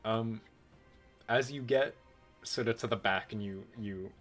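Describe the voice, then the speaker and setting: A young adult man narrating a tabletop game as game master, in a relaxed, rambling way. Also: on the low side, unhurried, soft background music.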